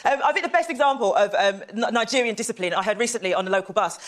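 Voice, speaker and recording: Fast, animated male stand-up. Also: high voice. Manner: animated storytelling. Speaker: stand-up comedian. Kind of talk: stand-up routine.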